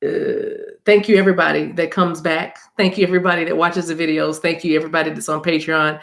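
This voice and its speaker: A woman's voice: deep voice, flat delivery, quick pace, gravelly. A woman hosting a spiritual reading livestream on her phone, chatting casually with viewers, laughing, and calling them y'all. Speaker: spiritual reader and channel host.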